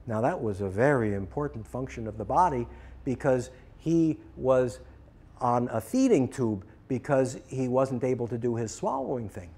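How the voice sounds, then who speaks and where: A man's voice: medium pitch, expressive, moderate pace, dark tone, slightly rough. A man teaching process work, telling a story as a lecture and acting out both sides of the dialogue.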